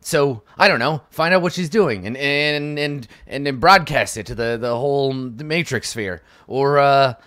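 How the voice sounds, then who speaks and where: A man's voice: fairly low pitch, moderate pace, fairly bright tone, pitched below the performer's own voice, close to an everyday voice. A man doing a bitter, scheming middle manager. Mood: pleading. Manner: grumbling and conspiratorial.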